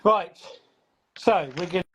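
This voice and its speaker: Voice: medium pitch, drawn-out words, noisy background. A podcast host in casual chat, teasing and organizing, speaking into a phone on a tripod from home. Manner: chatty, teasing, organizing the show. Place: indoors at home. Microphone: phone on a tripod, video call.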